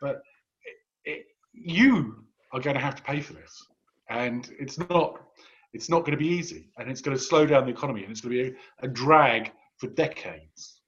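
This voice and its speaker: A man's voice: medium pitch, moderate pace, fairly bright tone, lo-fi sound. A man in his fifties, a guest commentator, talking in a wry, sardonic way with frequent restarts in casual political chat. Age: 50s.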